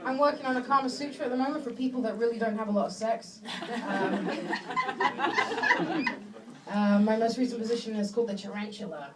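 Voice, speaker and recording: A woman from England performing a stand-up comedy set in a small club, speaking in a dry, halting way with lots of fillers and restarts. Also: on the high side, heavy background noise. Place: small club with a live audience. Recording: distant mic, loud crowd laughter. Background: audience laughing.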